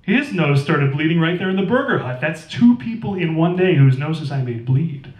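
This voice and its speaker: A man reads his own novel aloud at a live event in a record store. His narration is plain and steady, in the first person. The room echoes, and he sits well away from the mic. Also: on the high side, normal speed. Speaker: author. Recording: roomy store, distant mic.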